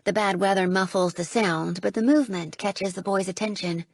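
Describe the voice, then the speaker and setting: A woman reading a first-person audiobook, with a slightly husky, gravelly voice that rises for dialogue. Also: medium pitch, normal speed, dry recording. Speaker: audiobook narrator.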